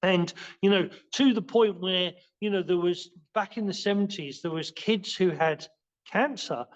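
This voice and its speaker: A man's voice: high voice, unhurried, muffled recording. A man, a martial arts teacher, explaining his practice in a rambling way, full of fillers and restarts, as a podcast guest. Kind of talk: casual spoken explanation in a podcast interview.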